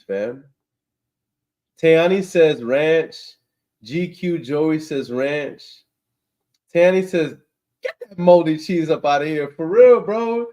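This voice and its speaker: A young man hosts a laid-back livestream, reading viewers' comments aloud and reacting with slang and easy laughter. His voice sits a little high for a man. He talks at an unhurried, drawn-out pace. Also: darkish tone. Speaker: livestream host reading chat. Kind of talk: casual livestream chat.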